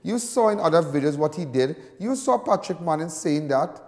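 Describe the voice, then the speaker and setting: A man's voice: a little high, animated, moderate pace, darkish tone, long reverb tail. A Trinidadian man hosting a talk show, delivering emphatic, indignant commentary with a lot of repetition. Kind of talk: impassioned TV commentary.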